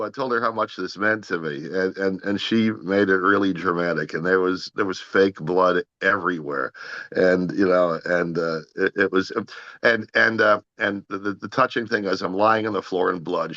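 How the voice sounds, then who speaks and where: Deep-voiced man rambling through a story. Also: normal speed, bright, forceful tone, dry recording, dull audio. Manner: rambling, with frequent restarts and repeated words. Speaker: actor and interview guest. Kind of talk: animated storytelling in an interview.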